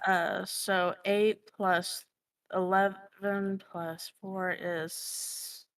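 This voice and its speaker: A soft-spoken woman playing in an online tabletop game over a voice chat mic. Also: mid-range voice, little pitch movement, drawn-out words. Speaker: player.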